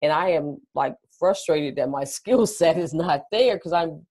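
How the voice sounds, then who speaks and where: A woman's voice: sits low, a little slow, darkish tone. A woman on a coaching call, earnest and agreeable, often answering in short replies. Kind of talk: casual chat on a call.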